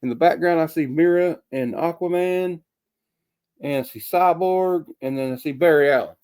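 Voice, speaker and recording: A man's voice: fairly high pitch, moderate pace, darkish tone, clean tone. Rambling, folksy man reviewing comics. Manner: rambling, hesitant with many fillers; folksy sayings.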